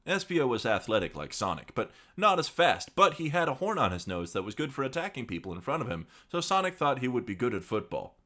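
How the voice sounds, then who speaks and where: A man co-hosting a comedy show, giving a deadpan dramatic reading with lively swings. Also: mid-range voice, a little fast, hardly any pauses. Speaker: comedy podcast co-host reading fan fiction aloud.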